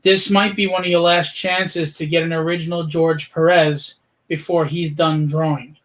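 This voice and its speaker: High-voiced man pitching a charity auction. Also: moderate pace. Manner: energetic, persuasive, frequent fillers. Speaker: auction host.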